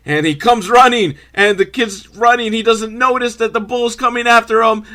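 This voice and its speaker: A young man recapping a film for laughs in an animated, swearing manner, slipping into voices for the characters. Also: sits high, moderate pace, hardly any pauses. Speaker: host reacting to a film.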